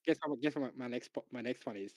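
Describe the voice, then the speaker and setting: Excited man telling a game story. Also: mid-range voice, fast talker, dry recording, rough recording. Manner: excited, repeats "ready?" and "right?", laughs while telling. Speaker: streamer. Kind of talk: casual voice chat storytelling.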